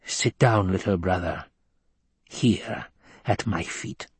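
A man voicing a stern old woman who leads a secretive sisterhood, speaking in a slow, measured, commanding way with a husky tone. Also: low-pitched, no echo, voice pushed down, exaggerated voice. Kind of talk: audiobook character voice.

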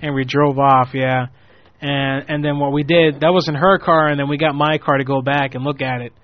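A man's voice: mid-range voice, normal speed, no echo. Rambling profane guy on a dull lo-fi recording. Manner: rambling, profane, animated quoting of people. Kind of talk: casual storytelling. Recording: muffled lo-fi audio.

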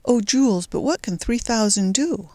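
A woman's voice: fairly high pitch, animated, moderate pace, mellow, no echo, voice pushed up, close to an everyday voice. A woman reading a frightened young heroine. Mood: anxious. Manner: anxious, pleading.

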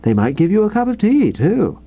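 A man's voice: sits high, wildly swooping pitch, brisk, pitched above the performer's own voice, full character voice. A man voicing a cheerful, breezy young husband who talks in a hearty, confident way, in a dull lo-fi recording.

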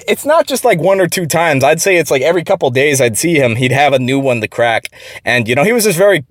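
A man's voice: mid-range voice, fairly bright tone, no echo. A man telling a workplace story in a rambling, profane way, full of restarts. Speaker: vlogger. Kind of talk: casual storytelling.

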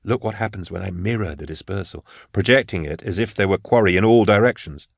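A man reading the part of a wry male forensic scholar with a dry wit, explaining in a measured way. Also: sits low, no room sound. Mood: insistent. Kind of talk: audiobook character reading.

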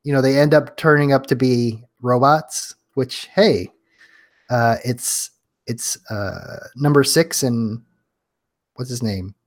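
A man co-hosting a podcast in a casual chat, relaxed, asking questions and giving short agreeing replies. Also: medium pitch, takes it slowly. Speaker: podcast co-host.

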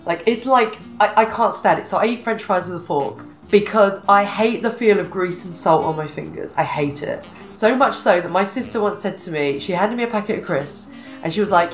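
A middle-aged British woman chatting casually as a podcast co-host, animated and self-deprecating, laughing often. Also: fairly low pitch, brisk. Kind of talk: casual chat. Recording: roomy echo with faint music.

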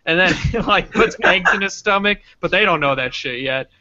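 High, bright-voiced swearing storyteller guy. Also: normal speed, highs cut off. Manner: profane, animated storyteller. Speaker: podcast co-host. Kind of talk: casual podcast chat, retelling a movie.

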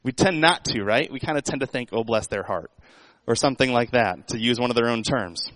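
A man's voice: medium pitch, animated, brisk, fairly bright tone, no room sound, poor audio. Man preaching, dry close sound. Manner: conversational preaching with rhetorical questions. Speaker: pastor. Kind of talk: sermon.

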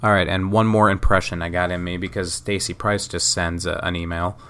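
A man's voice: deep voice, flat delivery, brisk, fairly bright tone, clean tone. A man hosting a casual solo podcast, talking loosely with fillers, swearing and self-mocking asides. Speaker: podcast host. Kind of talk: casual solo podcast narration of a wrestling sim game.

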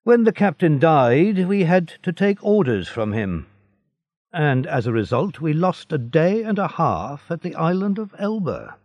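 A man's voice: on the high side, very animated, measured pace, dry recording, muffled recording, pitched above the performer's own voice. A man voicing a complaining, resentful ship's officer in a storybook reading.

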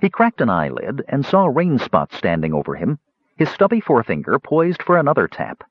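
A man reading a fantasy novel aloud as audiobook narrator, expressive and voicing the characters. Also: medium pitch, normal speed, dry recording. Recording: dull lo-fi dry recording.

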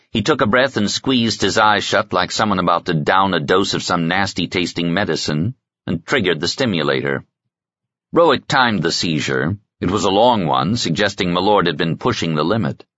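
A man reads a novel aloud in steady, even narration with a very deep voice. The recording is dry and close, with a slightly dull, lo-fi tone. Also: no echo. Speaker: audiobook narrator. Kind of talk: scripted narration.

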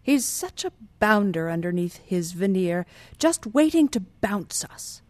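A woman voicing a scornful gentleman who speaks with cutting disdain. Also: mid-range voice, sing-song, unhurried, dry recording. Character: scornful, sneering gentleman husband.

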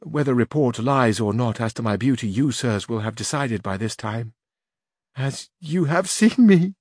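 A man's voice: medium pitch, lively intonation, moderate pace, a little mellow, dry recording, studio quality, lightly acted. A man reading aloud voices a shy young noblewoman in disguise who speaks in modest, tearful confusion. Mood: tearful pleading.

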